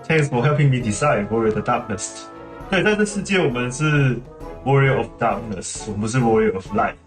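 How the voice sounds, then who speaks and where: Chatty male streamer explaining a game casually; average pitch, echoey room. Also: animated, brisk. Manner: chatty, explains at length, laughs often. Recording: roomy room with game music.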